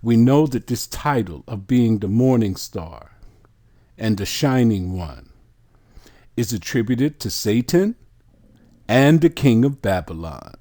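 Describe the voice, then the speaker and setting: Male bible teacher, unhurried and deliberate, dark mellow tone, reads definitions aloud. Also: mid-range voice, expressive. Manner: addresses listeners as brothers and sisters. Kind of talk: slow scripture study teaching.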